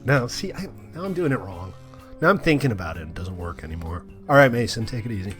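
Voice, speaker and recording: A man's voice: fairly low pitch, big pitch swings, fast, fairly bright tone, soft background music. Chatty man streaming Minecraft. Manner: rambling, joking, chatting with viewers. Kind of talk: casual live-stream chat.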